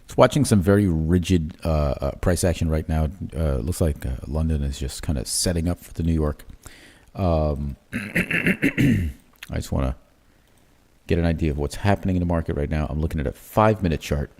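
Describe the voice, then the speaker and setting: With an extremely low voice at normal speed, this man runs a live crypto trading stream. He draws on charts as he reasons out loud in a relaxed way, correcting himself and dropping lots of fillers and "right?" tags.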